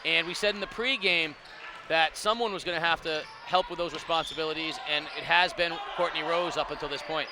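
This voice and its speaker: High-voiced man doing color commentary. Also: a little fast, noisy background. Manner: rambling, many restarts and fillers, emphatic analysis. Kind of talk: basketball commentary. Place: high school gym.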